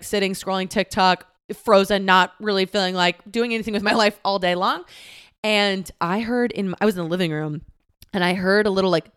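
A young woman hosting a podcast, chatting candidly about her own life in a lively, laughing way with casual swearing. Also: medium pitch, clean tone. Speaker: podcast host. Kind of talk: candid personal storytelling.

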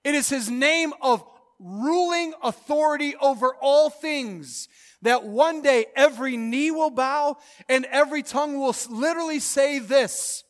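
High-voiced preaching pastor. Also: male voice. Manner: swings from loud proclaiming to hushed, drawn-out asides; rapid-fire exhortations. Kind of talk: sermon.

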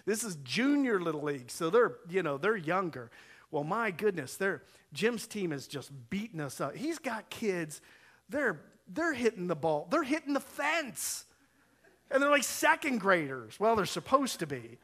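A man preaching a sermon as a pastor, telling a story with lively quoted dialogue, his voice rising and falling as he acts out each part. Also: high-pitched, unhurried. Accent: Ohio. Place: church sanctuary.

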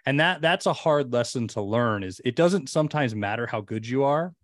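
A man guest on a podcast, chatting casually as an animated storyteller with lots of fillers. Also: medium pitch, moderate pace, no echo, clean studio sound.

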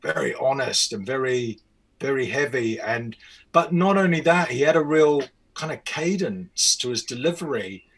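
A man with a New Zealand accent and a husky, slightly breathy voice. He tells his story loosely, with plenty of restarts and repeated words, in the easy way of a guest in an interview. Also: mid-range voice, normal speed, rough recording. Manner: relaxed, rambling with many restarts. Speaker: music producer guest.

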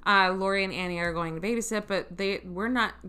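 A woman co-hosting a casual movie review podcast, excitable and profane, breaking into loud exclamations. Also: mid-range voice, brisk. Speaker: podcast co-host.

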